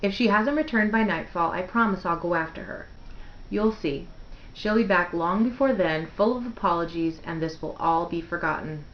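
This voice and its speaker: An elderly grandmother with a drawling Southern accent speaks in a dry, arch way, brisk and sharp when crossed, as a woman reading a novel aloud puts her on. The recording is roomy and a little dull. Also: mid-range voice, expressive, a little hiss or hum, natural voice. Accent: Southern American, put on.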